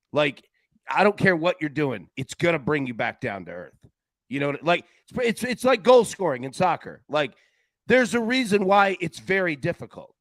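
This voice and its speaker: A man with a higher-pitched voice hosts a sports betting show, chatting casually in an animated, loose, slangy way and saying "man" and "dude" a lot. There's no room sound.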